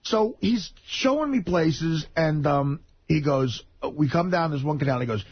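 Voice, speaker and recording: A man telling comic stories on a radio talk show, his voice jumping up when excited. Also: on the high side, moderate pace, husky, dry recording. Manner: animated comic storyteller, voice jumps up when excited. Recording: dull lo-fi radio broadcast sound.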